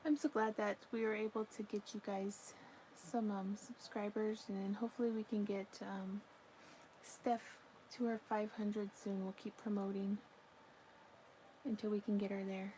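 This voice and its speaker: A woman's voice: medium pitch, flat delivery, moderate pace, dark tone, a little hiss or hum, low-quality recording. A woman chatting casually on a crafting live stream, reading out viewer comments and yawning now and then. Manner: chatty, yawning, talks to her pet between comments. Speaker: livestream crochet crafter. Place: home.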